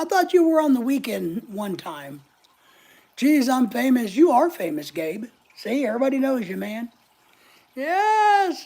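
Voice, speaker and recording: A man's voice: extremely high pitch, creaky, a little mellow. A man hosting a casual live stream from home, joking with viewers and greeting them by name as he reads their comments.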